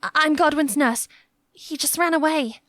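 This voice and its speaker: A woman's voice: high-pitched, normal speed, fairly bright tone, no room sound, pitched above the performer's own voice. A woman reading an audiobook, voicing a frightened young peasant girl who stammers in panic. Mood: stammering.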